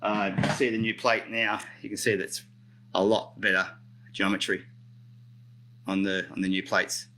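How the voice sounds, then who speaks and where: A man's voice: lowish voice, level tone, normal speed, pauses often, bright, forceful tone, rough recording. A middle-aged man with an Australian accent, rambling chattily through a live skate maintenance demo and correcting himself as he goes. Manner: chatty, rambling, self-correcting, reads out viewer comments. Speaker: roller skate hobbyist demonstrating maintenance. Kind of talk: casual live-stream tutorial.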